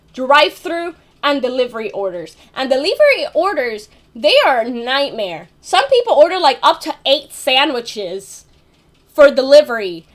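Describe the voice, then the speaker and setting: A woman's voice: high voice, fairly bright tone. A young woman telling a casual story about her job, full of fillers like "like" and "you know", with casual swearing. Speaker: vlogger.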